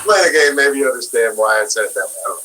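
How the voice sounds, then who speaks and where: A man who is a guest voice actor, chatting casually in an interview and telling lively stories with frequent laughter. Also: medium pitch, quick pace, low-quality recording. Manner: animated storyteller, laughs often.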